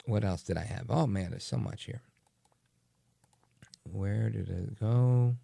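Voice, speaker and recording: A man's voice: on the low side, slow pace, creaky, warm tone, slightly rough, dry recording, clean studio sound. A man hosting a talk radio show, delivering a rambling, chatty monologue full of asides and fillers.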